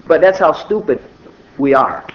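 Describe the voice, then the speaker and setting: A man's voice: a little high, big pitch swings, unhurried. An older man giving an informal, conversational sermon, acting out little dialogues as he goes. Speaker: preacher. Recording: dull lo-fi recording with faint noise.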